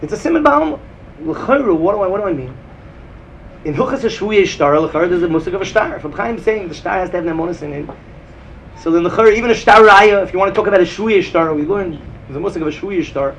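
A man with a Yeshivish English accent teaching a Talmud lecture in a sing-song style, climbing to emphatic bursts and dropping low. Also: lively intonation, fast talker, slight background noise.

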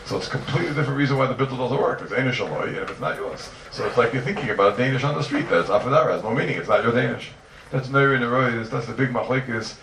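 A man teaching a yeshiva-style Talmud class to students, animated and firing rhetorical questions at them. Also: mid-range voice, very fast, vocal fry. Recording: roomy, distant mic, noisy ambience.

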